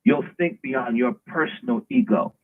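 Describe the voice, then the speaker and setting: A man's voice: mid-range voice, sing-song, normal speed. A man hosting a live stream, delivering an emphatic, preachy, provocative monologue. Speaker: host. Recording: tinny phone-like line.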